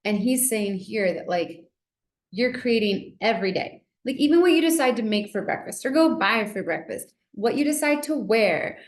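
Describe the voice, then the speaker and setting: A woman's voice: a little high, expressive, normal speed, echoey room. A young woman hosting a casual book discussion, chatty and full of "like," reading passages aloud now and then. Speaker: book club host.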